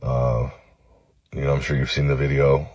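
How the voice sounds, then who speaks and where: A man from Los Angeles recording a phone-camera apology video, halting and cursing, with many pauses and fillers. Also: extremely low pitch, completely flat delivery, a little mellow, no echo. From Los Angeles, United States. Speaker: vlogger.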